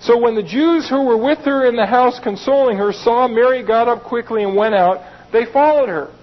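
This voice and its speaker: A man's voice: very high voice, normal speed, lo-fi sound. A man preaching a sermon, reading Bible verses and explaining them in a conversational way with plain asides. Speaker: pastor.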